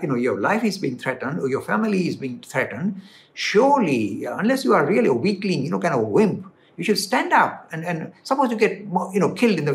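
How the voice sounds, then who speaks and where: A man teaching Hindu ideas on a television talk show, explaining earnestly with many "you know" asides. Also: fairly high pitch. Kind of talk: conversational religious teaching. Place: television studio.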